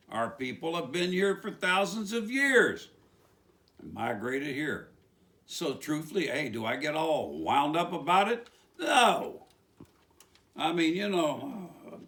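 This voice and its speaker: Male preacher, West Virginia accent, rambling sermon with rhetorical questions, high and forceful. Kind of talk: informal sermon monologue.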